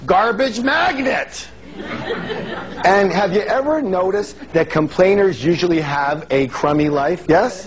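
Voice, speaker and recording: A man giving a lively motivational seminar talk, calling on the audience to answer and acting out the voices he quotes. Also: sits high, unhurried, a crowd in the background, low-quality recording. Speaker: seminar speaker. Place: large seminar hall with an audience.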